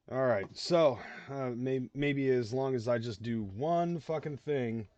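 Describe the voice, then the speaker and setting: A man's voice: medium pitch, takes it slowly, a little mellow, highs cut off. Rambling, profane male streamer. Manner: rambling, profane, many fillers. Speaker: livestream host. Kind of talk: casual reaction commentary.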